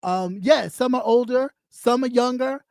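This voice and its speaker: A woman's voice: fairly high pitch, unhurried, a little mellow, no echo, studio quality. A woman streamer delivering a blunt, mocking rant full of swearing. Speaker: YouTube streamer. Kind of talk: profane rant on camera.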